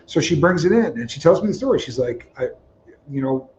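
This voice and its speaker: Speaking fairly quickly in a fairly high voice, a man co-hosts a livestream, telling casual stories and acting out quoted dialogue with animation. The recording is muffled, with slight background noise.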